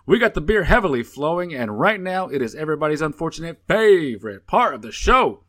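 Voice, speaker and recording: Lively, teasing male podcast host. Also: fairly high pitch, a little fast. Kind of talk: sports podcast banter.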